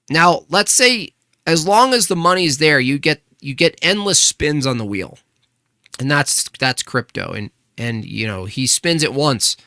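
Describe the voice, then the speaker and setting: Bright-voiced man arguing on a stream. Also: mid-range voice, no room sound, clean studio sound. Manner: argumentative, rhetorical questions, restarts. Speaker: streamer reading chat. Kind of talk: casual live-stream rant.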